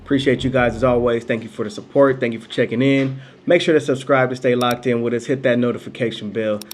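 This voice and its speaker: A man's voice: medium pitch, fairly even intonation, fast talker. A man narrating his own hobby video in an upbeat, playful voice-over, with a slangy sign-off. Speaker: aquarium hobbyist vlogger.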